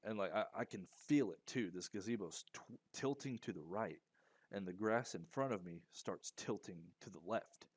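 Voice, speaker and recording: A young man with a fairly low voice tells a storytime tale in a loose, rambling way, stumbling over restarts and fillers. The sound is dry and close, with no room around it. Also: normal speed, slightly rough, dry recording. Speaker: storyteller vlogger. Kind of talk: casual storytime monologue.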